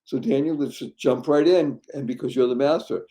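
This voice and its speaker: A man hosting a podcast, animated and playful, fond of wordplay, with sudden loud bursts of emphasis. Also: medium pitch, fairly quick, hardly any pauses. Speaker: podcast host. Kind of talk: upbeat podcast chat.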